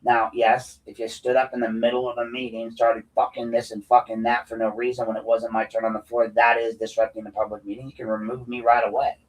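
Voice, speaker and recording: A man's voice: medium pitch, level tone, fast, few pauses. Angry sweary guy ranting on his show, mid voice, kinda distant from the mic. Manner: profane, combative, heated. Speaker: podcast host. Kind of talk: unscripted solo rant.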